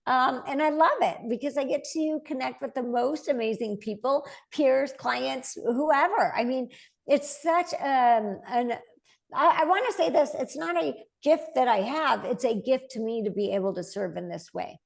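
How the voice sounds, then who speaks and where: A woman's voice: sits high, moderate pace, vocal fry. A woman in her forties, a medium and interview guest, telling stories conversationally and acting out the voices of the people in them. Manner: animated, quotes voices as she tells stories, laughs lightly. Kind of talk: conversational storytelling.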